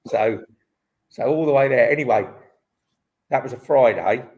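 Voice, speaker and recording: A man's voice: mid-range voice, normal speed, darkish tone, poor audio. A man in his fifties, a former motocross champion, telling stories as a guest in a live online interview in a rambling way full of restarts. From Britain. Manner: rambling, restarts often, lots of "um" and "like".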